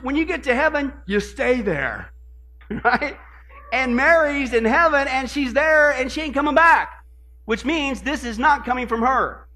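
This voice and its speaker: Man, pastor, sermon, middle-aged, very high voice, emphatic, call-and-response. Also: sharp tone. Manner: emphatic preaching with call-and-response questions to the congregation; reads scripture aloud with sudden drops in pitch and volume for warnings.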